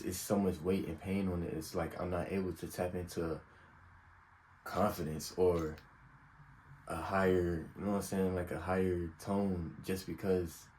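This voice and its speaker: Young man, very low voice, earnest self-help vlogger, unscripted and vulnerable, light background hiss. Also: mellow, low-quality recording. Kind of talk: earnest personal advice monologue.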